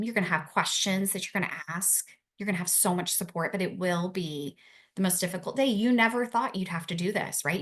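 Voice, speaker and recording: A young adult woman talks to worried parents in an earnest, reassuring way. Her voice sits on the low side. She leans on repeated phrases to drive each point home. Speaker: family support speaker for parents. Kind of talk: talk to parents.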